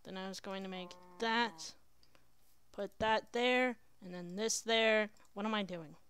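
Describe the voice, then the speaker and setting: A woman's voice: medium pitch, steady tone, measured pace, fairly bright tone, clean tone. A woman giving casual gameplay commentary, chatty and talking to herself with sudden exclamations. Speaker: let's player.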